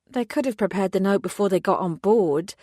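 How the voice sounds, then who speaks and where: Steady woman narrating a paranormal audiobook. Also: mid-range voice, a little fast, no echo, studio quality. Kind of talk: first-person audiobook narration.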